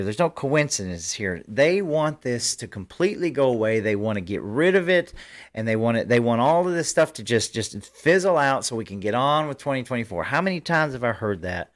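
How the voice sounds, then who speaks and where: A man hosting a political commentary livestream, talking fervently in rambling bursts with frequent restarts. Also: medium pitch. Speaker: host.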